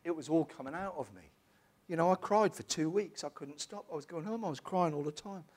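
A middle-aged man, telling his personal testimony in a church in an emotional, halting way with many restarts. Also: on the high side, darkish tone. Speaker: church member giving testimony.

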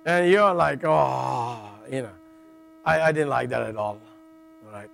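A man's voice: a little high, expressive, normal speed, vocal fry, fairly bright tone, slight background noise. A middle-aged man preaching a sermon in a jokey, conversational way, often checking in with "all right" and restarting phrases.

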